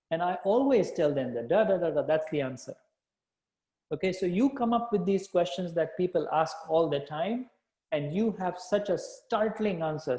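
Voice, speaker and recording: A man's voice: a little high, warm tone. A man teaching a live sales workshop, repeating key phrases and checking in with listeners with "okay?". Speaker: sales coach. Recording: echoey room sound.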